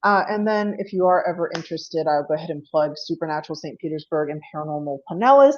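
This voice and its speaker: A woman's voice: sits low, expressive, fast talker, hardly any pauses, a little mellow. Woman, chatty panel presenter, laughs a lot, apologetic asides, slightly muffled video call audio. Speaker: paranormal investigator presenting. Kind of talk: casual online panel presentation.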